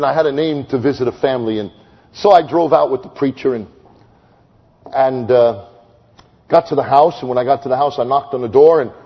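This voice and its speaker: A husky-voiced male evangelist preaches and tells stories, surging to loud, high exclamations and then dropping to hushed, slow tones. His voice carries a long reverb from a large hall. The recording sounds dull and lo-fi. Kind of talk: sermon with storytelling.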